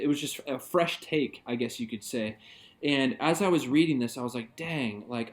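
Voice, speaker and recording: A man, a pastor, giving an earnest, reflective devotional talk in a conversational way. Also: mid-range voice.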